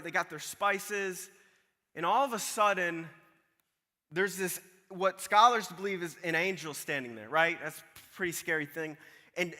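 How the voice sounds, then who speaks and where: A man preaching a sermon, reading scripture and retelling it in a casual, animated way, acting out the people in the story. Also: sits high, big-room sound. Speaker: pastor.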